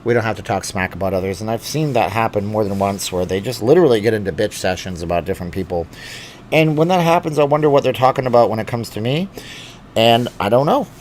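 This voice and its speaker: A man's voice: fairly low pitch, expressive, fast, a little mellow, a little hiss or hum. A man hosting a casual live chat from a home studio, joking and reading viewer comments aloud. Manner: chatty, jokey, reads comments aloud. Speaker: livestream host. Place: home studio with hot lights. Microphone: studio microphone.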